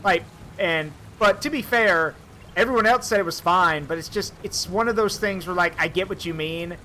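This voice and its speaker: Man, streamer, casual game chat, animated storyteller, bright voice, faint background noise. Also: high voice, moderate pace. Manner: animated storytelling with swearing and asides. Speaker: streamer and host.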